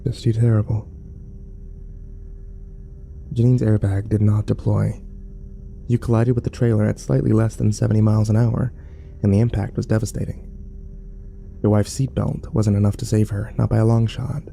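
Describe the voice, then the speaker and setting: A man narrating dark horror stories in a slow, grim, scripted manner that climbs to frantic shouting in the tense scenes. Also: lowish voice, little pitch movement, gravelly, faint music behind, rough recording.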